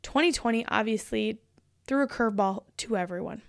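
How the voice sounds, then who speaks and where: A woman's voice: on the high side, a little fast, vocal fry, dry recording, studio quality. A woman in her thirties hosting a solo podcast, talking in a chatty, upbeat and encouraging way. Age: 30s. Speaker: podcast host and motivational speaker.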